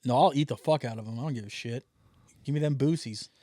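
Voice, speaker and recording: A man's voice: mid-range voice, quick pace, warm tone, no echo, studio quality. A man co-hosting a podcast in casual, profane chat, often laughing and mimicking voices. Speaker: podcast co-host.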